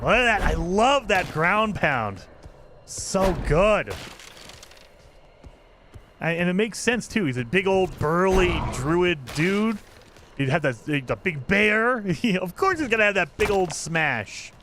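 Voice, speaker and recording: A man streaming a video game live, chatting in excitable, rambling asides about what he sees. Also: high voice, takes it slowly, background noise. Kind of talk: live gameplay commentary. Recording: over game music.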